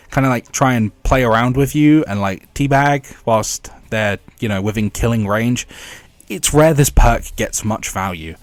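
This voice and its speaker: A man's voice: medium pitch, no echo. A man giving blunt, rambling game commentary with wry asides. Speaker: gaming YouTuber.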